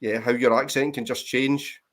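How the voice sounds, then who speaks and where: A Scottish man from near Glasgow with a Scottish accent, chatting on a livestream panel and telling stories in a clear, measured way. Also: mid-range voice, steady tone, a bit bright. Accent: Scottish, Greenock near Glasgow. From Scotland. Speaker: panel guest. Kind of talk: casual livestream chat.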